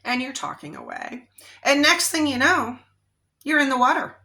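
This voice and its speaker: A woman's voice: high voice, sing-song, moderate pace, vocal fry, pushed and bright. A woman tarot reader giving a casual psychic reading, talking in a rambling, conversational way with frequent check-ins and fillers.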